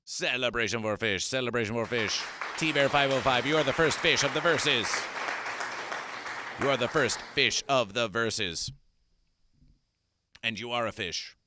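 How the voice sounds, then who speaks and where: A man's voice: mid-range voice, a little slow, long pauses, crowd noise, background noise. A man hosting an absurdist comedy stream, making grandiose, repetitive, mock-solemn proclamations. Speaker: comedy performer. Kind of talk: absurdist livestream chat.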